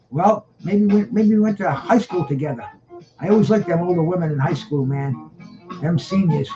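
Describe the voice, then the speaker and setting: A man in his seventies hosting a live-stream trivia show, talking in a rambling, laid-back way and calling everyone "man". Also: sits high. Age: 70s. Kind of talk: casual live-stream chat. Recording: dull lo-fi sound with live band music. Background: jazz band music.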